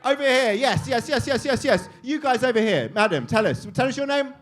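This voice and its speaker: A man hosting a live comedy show, teasing the audience with crude, quick-witted crowd work. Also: extremely high pitch, expressive, a bit bright, a little hiss or hum. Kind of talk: crowd-work stand-up banter.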